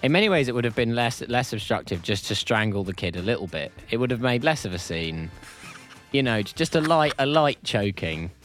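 A man co-hosting a comedy radio show, trading dry, dark one-liners in comic banter. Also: medium pitch, animated, fairly quick, soft background music.

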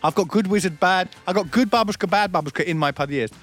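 A man's voice: high-pitched, fast talker. A man hosting a casual comedic radio chat, telling stories with lots of laughter and acting out the grumpy people he describes. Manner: animated storyteller, laughs a lot, acts out grumpy locals. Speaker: radio show host.

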